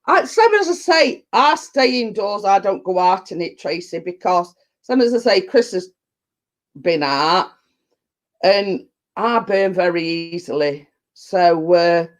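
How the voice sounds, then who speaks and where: A woman's voice: on the low side, lively intonation, takes it slowly. A middle-aged woman, chatting casually to viewers and rambling along, often repeating herself and laughing. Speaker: vlogger reading viewer comments. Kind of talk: casual live chat.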